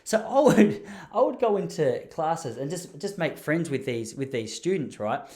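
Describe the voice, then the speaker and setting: A man's voice: fairly high pitch, very animated, moderate pace, a little mellow. A young Australian man hosting a podcast, telling casual stories in a chatty, self-deprecating way. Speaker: podcast host. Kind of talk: casual storytelling monologue.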